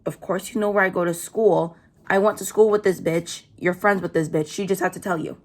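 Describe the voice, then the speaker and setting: A woman's voice: on the low side, steady tone, a little fast. A young woman telling a storytime while doing her makeup, chatty and casual, swearing freely and acting out what others said. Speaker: vlogger.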